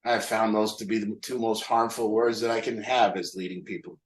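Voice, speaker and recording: A man's voice: lowish voice, little pitch movement, brisk, reverberant, low-quality recording. A man leading a recovery group, talking candidly and mocking himself, asking rhetorical questions. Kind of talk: group talk on a call.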